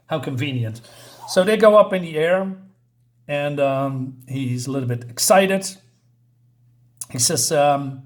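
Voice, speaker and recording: A man with a somewhat high voice talks through a comic book issue in a loose, conversational way. He fills the gaps with "um" and "right?" and drops sarcastic asides as he goes. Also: a little slow. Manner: chatty and sarcastic, with frequent fillers and asides. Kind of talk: casual spoken review.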